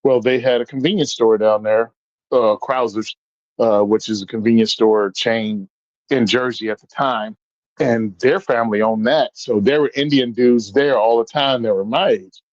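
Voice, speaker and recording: A man from Virginia, a guest telling stories in a casual chat, animated and quick to jump into voices. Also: mid-range voice, no room sound. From Virginia, US South. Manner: animated, jumps into funny voices. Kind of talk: casual storytelling. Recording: dull, dry sound.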